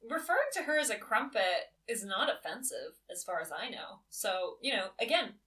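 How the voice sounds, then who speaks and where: Bright-voiced woman with wry humor. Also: mid-range voice, big pitch swings, moderate pace, far from the mic. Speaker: podcast co-host. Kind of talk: casual chat.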